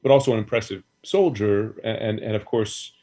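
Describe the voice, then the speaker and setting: A male news anchor, a guest on the show, chatting casually and filling pauses with quick asides. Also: on the low side, dark tone. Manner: conversational, quick with fillers. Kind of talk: casual chat.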